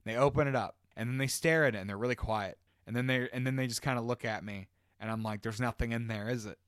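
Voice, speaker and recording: A man's voice: mid-range voice, quick pace, clear, resonant tone, no echo, studio quality. Profane, rambling male podcast co-host. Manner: profane, rambling, animated retelling. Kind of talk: casual storytelling chat.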